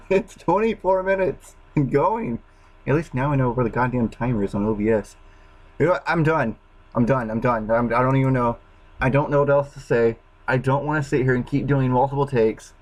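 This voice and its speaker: A man's voice: mid-range voice, brisk, darkish tone, low-quality recording. A man ranting alone to his camera, exasperated, swearing constantly and restarting his sentences. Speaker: gaming vlogger. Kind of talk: frustrated solo rant.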